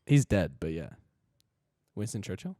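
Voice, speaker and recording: Goofy young man with a lively, low voice. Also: measured pace, no room sound. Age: early 20s. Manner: joking, profane, goofy. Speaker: podcast co-host. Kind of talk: casual chat.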